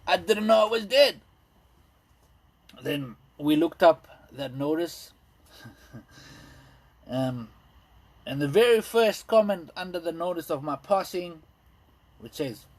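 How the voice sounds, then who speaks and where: A man in his thirties doing a rambling, self-deprecating stand-up set, full of ums and pauses. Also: fairly high pitch, expressive. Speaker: stand-up comedian. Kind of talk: stand-up set streamed live. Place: indoors at home.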